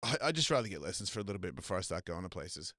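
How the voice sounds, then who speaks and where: A man's voice: deep voice, very animated, very fast, a bit bright, no echo. Rambling Australian man, dry sound. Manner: rambling, profane, lots of restarts. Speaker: host. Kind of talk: casual chat.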